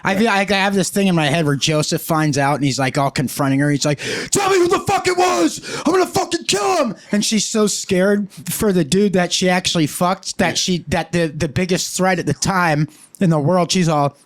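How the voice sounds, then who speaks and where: A man's voice: a little high, normal speed. A man co-hosting a casual podcast, rambling and profane, telling stories and acting out quotes. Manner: profane, rambling, animated storytelling with acted-out quotes. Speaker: podcast co-host. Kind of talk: crude casual chat.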